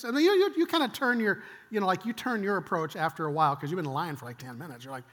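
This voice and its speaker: An older male pastor delivers a sermon in a high, bright voice. He talks conversationally and acts out quoted lines, sometimes dropping to a hushed whisper. The sound carries the long reverb of a church hall. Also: sing-song, fast talker, few pauses.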